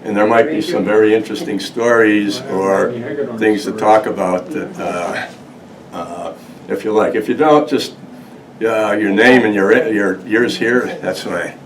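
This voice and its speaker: A man's voice: lowish voice, measured pace, crowd noise. An older man presenting a local history talk, telling stories casually with many restarts and laughs. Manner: rambling, many restarts, laughs through his story. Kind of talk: casual storytelling to an audience. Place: museum meeting room with audience. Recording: distant mic, faint noise.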